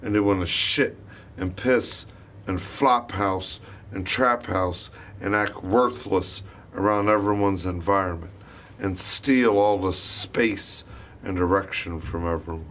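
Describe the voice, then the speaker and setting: A man's voice: low voice, slow pace, fairly bright tone. Man in a rambling, profane monologue. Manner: profane, wandering storytelling.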